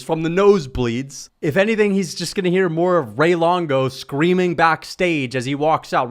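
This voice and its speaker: A man from New rants about combat sports in a high, lively voice. He mocks and swears freely, with the loose tone of a casual vlog. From New York. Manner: mocking, profane, animated. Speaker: MMA commentator vlogger. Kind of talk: casual rant.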